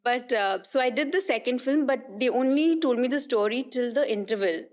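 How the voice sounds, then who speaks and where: Woman, 40s, podcast guest, lively story after story, voice sits a bit high. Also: fairly quick, noisy background. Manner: animated anecdotal storytelling, laughing often. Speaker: guest, actress and politician. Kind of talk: casual podcast conversation.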